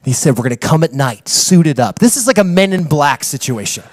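A man preaching a sermon as a pastor, telling a story with acted-out dialogue and building to excited preaching. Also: on the high side, brisk, dry recording. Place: church.

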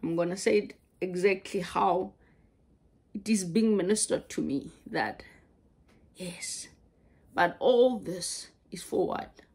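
A woman preaching a sermon, halting and repeating words as she goes. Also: fairly low pitch, a little mellow, slightly rough.

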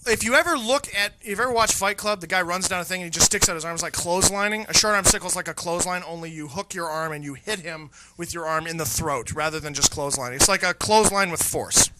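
A man co-hosting a casual radio show, telling crude, animated anecdotes with lots of swearing. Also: high-pitched, quick pace, hardly any pauses, very noisy. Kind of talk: casual storytelling chat.

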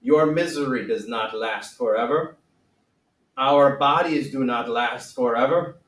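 A man's voice: on the high side, measured pace, roomy sound, recorded from a distance, close to an everyday voice, poor audio. A man doing a mock-solemn sage with a wobbly accent. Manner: wobbly put-on accent, theatrical, jokey. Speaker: teacher. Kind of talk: comic classroom role-play.

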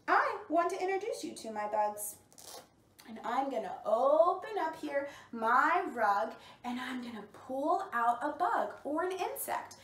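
High-voiced woman leading toddler storytime. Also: sharp tone. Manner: slow, exaggerated, encouraging teacher talk to small children. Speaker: children's storytime teacher. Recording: roomy sound, mic at a distance.

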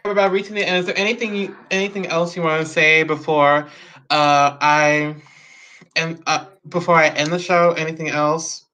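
A man hosting a casual interview, laughing easily and relaxed. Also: a little high, normal speed. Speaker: host.

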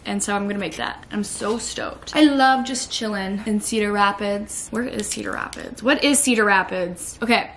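A woman's voice: mid-range voice, moderate pace, few pauses, fairly bright tone, a little hiss or hum. A young woman vlogging casually at home at night, rambling with lots of fillers and the odd swear word. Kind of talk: casual vlog chat.

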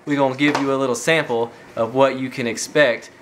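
A woman's voice: extremely low pitch, steady tone, a little fast. A woman talking casually to the camera in a home kitchen, explaining things in a folksy way. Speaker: parent vlogger. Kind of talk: casual home video talk. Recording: camera autofocus noise in the background.

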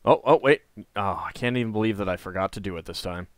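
A man hosting a game playthrough, joking casually and reading item text aloud with excited bursts. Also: lowish voice, quick pace, no room sound, studio quality. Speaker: let's play host.

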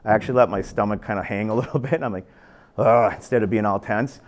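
In a billiard club with a little background noise, a pool instructor in his fifties talks fast in a lowish voice. His lesson is casual and earnest, and he repeats phrases while demonstrating his stroke.

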